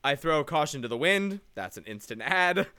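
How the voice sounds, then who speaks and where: A man in a casual chat who is animated and quick to laugh. His pitch swings widely, and his voice has a bright, clear ring. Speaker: guest player making a character.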